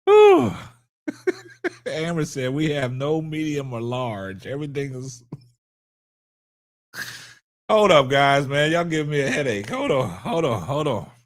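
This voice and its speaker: Guy on a livestream cracking up, whooping, voice jumping all over, talks slow. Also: mid-range voice, expressive, a bit bright. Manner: laughing hard, whooping, breathless. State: laughing to tears. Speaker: livestream host. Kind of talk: casual live stream chat.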